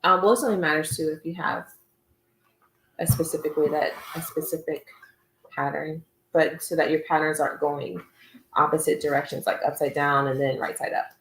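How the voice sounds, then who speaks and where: A woman's voice: deep voice, steady tone, normal speed, a little hiss or hum. Cheerful chatty woman, echoey room. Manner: chatty, cheerful, lots of fillers. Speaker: crafting livestream co-host. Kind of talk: casual crafting livestream demo.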